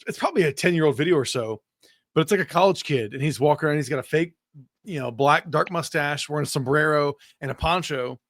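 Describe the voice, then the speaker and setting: A man's voice: a little high, fairly bright tone, no echo, clean studio sound. A man hosting a podcast in casual chat, swearing freely as he retells things he has seen online. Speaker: podcast host.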